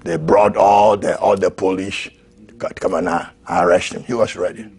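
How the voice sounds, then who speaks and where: A man preaching a sermon, swinging from shouted peaks to low murmurs and laughing often. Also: fairly even intonation, normal speed, husky.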